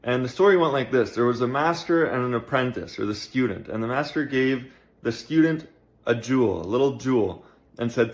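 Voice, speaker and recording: A man's voice: medium pitch, lively intonation, fairly quick. A man casually telling a moral story, conversational, with restarts and asides. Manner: conversational, with frequent restarts and "you know".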